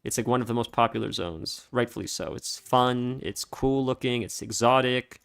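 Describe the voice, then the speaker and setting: Male streamer, easygoing chatty commentary, average pitch, prone to laughing. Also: normal speed, creaky, fairly bright tone, smooth. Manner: rambling storytelling, laughs often. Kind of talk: casual gameplay commentary.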